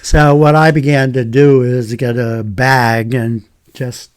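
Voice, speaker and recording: An older man, a retired teacher, telling animated stories in a casual chat and acting out the voices of people in them. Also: medium pitch, takes it slowly, clean tone, no echo. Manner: animated anecdotes, acts out quoted voices. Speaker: retired teacher, podcast guest.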